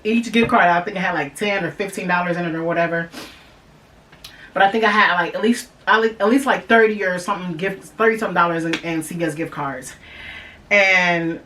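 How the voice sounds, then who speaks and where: A woman's voice: fairly low pitch, a little fast, a bit bright, recorded from a distance. A young woman hosting a podcast, telling a personal story in a chatty way, speaking straight to her listeners with lots of fillers and restarts. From Michigan. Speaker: podcast host.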